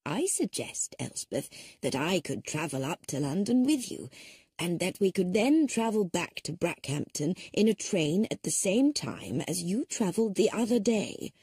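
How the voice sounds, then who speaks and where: A woman voices an elderly spinster detective in a full character voice for an audiobook, her pitch on the low side. The delivery is sing-song and a little slow, mellow with a breathy edge, on a dry, clean studio recording. Gentle yet sharp-witted, she speaks mildly and politely while reasoning things through with care.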